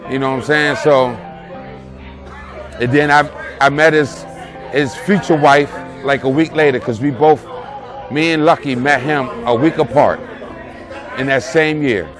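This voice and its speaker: A man's voice: on the high side, a little slow, long pauses. A man, a close friend giving a rambling, streetwise spoken tribute. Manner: loose, rambling, streetwise talk with many "you know what I'm saying". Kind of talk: casual spoken memories. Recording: music and crowd chatter behind.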